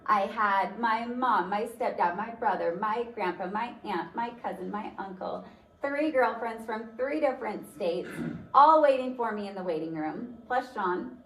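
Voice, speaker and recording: A woman's voice: mid-range voice, unhurried, fairly bright tone. A woman giving a motivational talk, telling a personal story in a conversational way with many fillers. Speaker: speaker. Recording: roomy, distant mic, faint noise.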